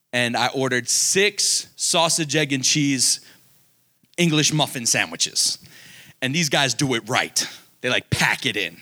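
A man's voice: medium pitch, pushed and bright. A man, a pastor, telling a personal story in a casual way and moving into earnest, fervent preaching.

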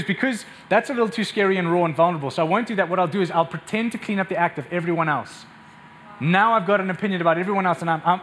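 A man's voice: fairly high pitch, slight background noise. A man preaching a sermon with passion, often repeating words as he builds up. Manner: impassioned, repeats words when excited.

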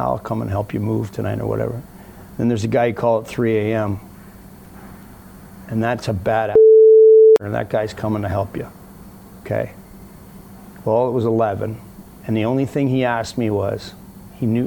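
A man telling a story in a casual interview, animated, acting out the other people's voices as he goes. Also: lowish voice, moderate pace, vocal fry, pauses often, slight background noise.

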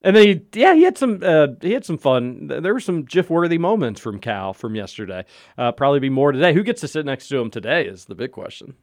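A man's voice: on the high side, fast talker, dry recording, studio quality. A man hosting a sports talk show, chatty and jokey with his co-hosts. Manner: animated, jokey, talks over others. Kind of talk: casual sports podcast chat.

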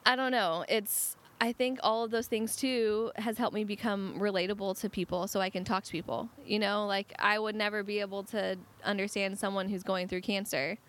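A young woman talks casually in a relaxed chat as a guest. Her voice sits at a middle pitch, and she laughs often between thoughts. She fills her sentences with "like". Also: normal speed, few pauses. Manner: chatty, laughs often, says "like" a lot. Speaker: guest, cafe team member. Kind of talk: casual conversation.

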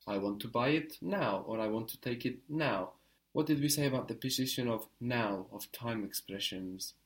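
A man's voice: mid-range voice, moderate pace. A man teaching a one-to-one Turkish lesson, explaining patiently and repeating words for his student.

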